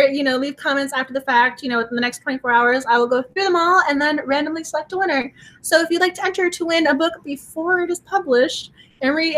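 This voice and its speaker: A woman's voice: sits high, bright, forceful tone. A woman co-hosting a book club livestream, giggly and effusive, rambling with restarts as she chats. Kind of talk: casual chat.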